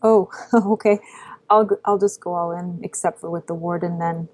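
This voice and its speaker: Mellow-voiced easygoing woman player. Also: fairly low pitch, fairly even intonation, moderate pace. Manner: easygoing, giggly. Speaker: card game player. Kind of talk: casual tabletop game podcast.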